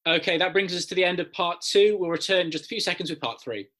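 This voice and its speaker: A man's voice: high voice, fast talker, music in the background, rough recording. A man hosting an educational podcast, upbeat and using filler words. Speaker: podcast host.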